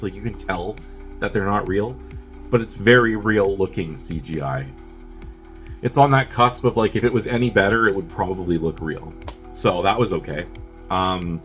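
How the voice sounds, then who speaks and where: Sick guy with a lowish voice chatting through a movie review, faint music behind. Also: a bit bright. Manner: rambling, chatty, wry asides. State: sick with a cough.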